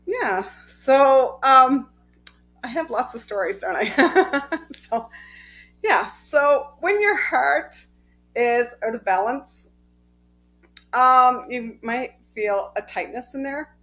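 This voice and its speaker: A middle-aged woman energy healer telling personal stories in a casual, heartfelt way, with many pauses and a frequent "right?". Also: high voice, lively intonation, a bit bright, poor audio. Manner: slow, heartfelt, with many ums and rhetorical "right?". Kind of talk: casual storytelling to camera.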